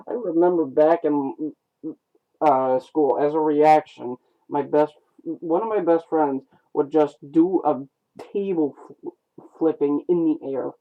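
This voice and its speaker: A man's voice: a little high, slow pace. Man streaming, chatty asides, phone-tinny. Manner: chatty, self-mocking asides. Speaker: streamer reading comics. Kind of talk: casual chat between reading.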